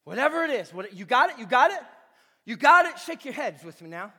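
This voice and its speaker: A man's voice: extremely high pitch, very animated, brisk, bright, forceful tone. A man preaching a sermon as a pastor, speaking with impassioned emphasis. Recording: long reverb of a large hall.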